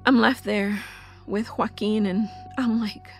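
A woman narrating a first-person horror audio drama, telling it breathlessly with halting restarts. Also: medium pitch, steady tone, faint music behind. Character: young woman recalling a family horror.

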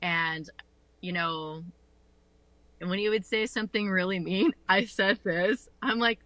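A woman casually telling a personal story, animated and acting out what people said, swearing freely. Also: medium pitch, takes it slowly, no room sound, lo-fi sound. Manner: animated, acts out quoted voices, swears freely.

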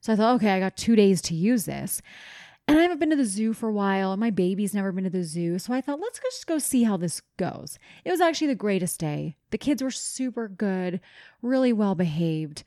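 Animated storytelling young mom, dry sound. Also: female voice, mid-range voice, brisk, dry recording. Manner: animated storyteller, swears casually. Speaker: podcast co-host. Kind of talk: casual chat.

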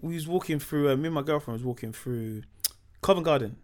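A man's voice: a little high, fast talker, darkish tone. A man telling comic anecdotes on a podcast, slangy and acting out the voices of people in his stories. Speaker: comedian guest.

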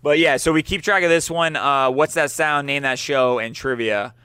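A man's voice: a little high, moderate pace, bright, forceful tone, clear, resonant tone, no room sound. A man hosting a podcast, telling stories in casual banter, swearing and laughing as he goes. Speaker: podcast host.

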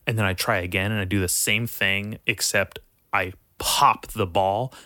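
A man's voice: on the low side, steady tone, moderate pace, bright, forceful tone, no echo, clean studio sound. A young man talking casually, telling a rambling, profane story with lots of fillers. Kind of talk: casual chat.

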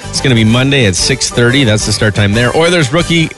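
Easygoing radio co-host, lively pitch. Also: male voice, fast talker, faint music behind. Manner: easygoing, reads sports news. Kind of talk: casual morning radio banter.

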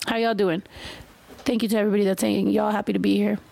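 A woman hosting a podcast in casual chat, loud and excitable, swearing freely. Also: medium pitch, quick pace, creaky. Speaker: podcast host. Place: podcast room.

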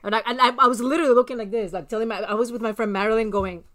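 A woman hosting a podcast, chatting casually and telling stories with lively quoted exchanges. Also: fairly high pitch, racing. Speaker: podcast host. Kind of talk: casual chat.

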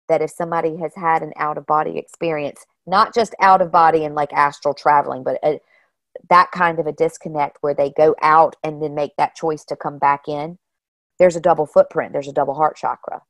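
A woman guest telling personal stories in a casual, animated way, often saying "you know" and "like". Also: deep voice, brisk, dry recording. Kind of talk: casual storytelling.

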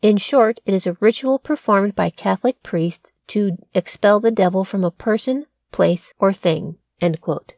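Woman, podcast host, true crime storytelling, conversational, wry asides, mellow tone, dry recording. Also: mid-range voice, a little slow, vocal fry, few pauses, no echo.

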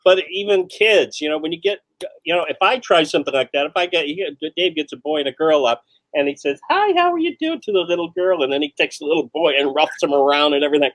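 A man recalling old anecdotes in casual talk, stopping and restarting as he searches for words. His voice is a touch high and sounds dry and close. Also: steady tone, a bit bright, no echo. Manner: halting, hesitant storyteller. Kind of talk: casual chat.

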